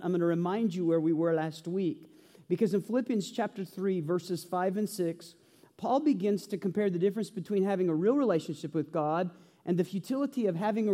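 A man's voice: high-pitched, warm tone. A male pastor preaching a sermon, telling a story with humor and earnest conviction in a church. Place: church sanctuary. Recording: reverberant church hall.

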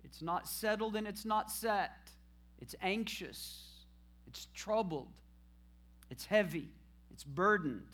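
A man preaching a sermon, asking the congregation questions and answering them himself. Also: high-pitched. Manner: call-and-response preaching, rising to shouted praise at the end.

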